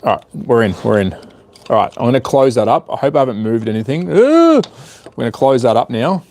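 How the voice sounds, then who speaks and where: A man's voice: mid-range voice, quick pace, darkish tone. Man, hobby streamer, casual self-mocking work commentary. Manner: chatty, self-deprecating, mutters to himself while working. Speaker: hobby livestreamer. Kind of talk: casual live-stream commentary while tinkering.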